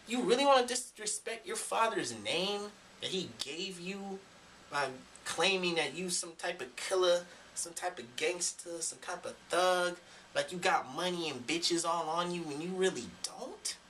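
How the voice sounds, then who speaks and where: A man's voice: high-pitched, unhurried, sharp tone, far from the mic, slight background noise. A young man ranting emphatically to his camera in a preachy, profane vlog monologue. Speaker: vlogger. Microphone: camera mic.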